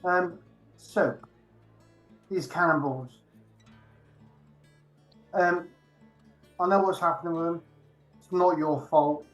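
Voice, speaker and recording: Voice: medium pitch, takes it slowly, long pauses, faint music behind. Casual tabletop game player.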